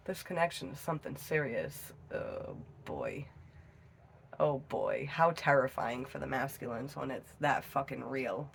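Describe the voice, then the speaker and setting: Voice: mid-range voice, very animated, measured pace, creaky, pauses often, a bit bright, a little hiss or hum. A tarot reader giving a casual reading into a phone, chatty and profane, laughing often.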